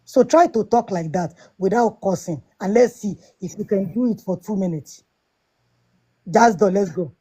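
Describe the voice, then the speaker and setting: A woman's voice: mid-range voice, moderate pace, mellow, breathy edge. A woman on a live audio panel debate, lecturing emphatically and repeating her points. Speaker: panel speaker.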